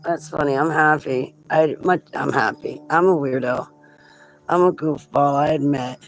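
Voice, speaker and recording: A woman vlogging in a rambling personal monologue, chatty and quick to laugh between thoughts. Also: deep voice, low-quality recording.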